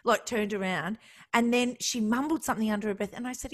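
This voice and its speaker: A woman co-hosting a radio show, telling stories in casual banter and laughing often. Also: a little high. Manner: chatty, storytelling, quick to laugh. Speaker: radio co-host.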